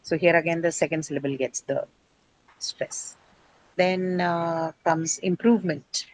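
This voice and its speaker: A woman's voice: lowish voice, steady tone, a little slow, a little hiss or hum, rough recording. A woman teaching English word stress to a class. She explains step by step, often says "uh", and asks her students questions.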